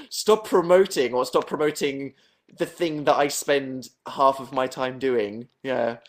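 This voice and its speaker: A man's voice: medium pitch, lively intonation, slow. Young man, livestream host, dry, sarcastic, self-mocking, webcam mic, bedroom. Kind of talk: casual live chat reading viewer comments. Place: bedroom at night.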